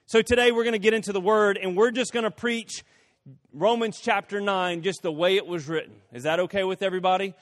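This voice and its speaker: A male pastor preaching a sermon, telling stories with quick folksy asides. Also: high voice, steady tone. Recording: long reverb of a hall.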